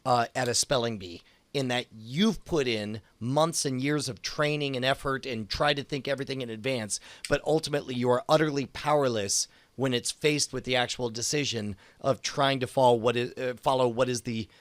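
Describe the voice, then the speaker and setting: Quick, rambling podcast man. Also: medium pitch, dry recording. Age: adult parent. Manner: rambling, quick bursts with fillers. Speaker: podcast co-host. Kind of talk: casual chat.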